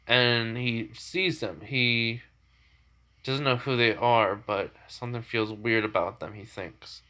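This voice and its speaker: A man's voice: mid-range voice, steady tone, slow, pushed and bright. A man casually improvising a story aloud, rambling with frequent fillers and self-corrections.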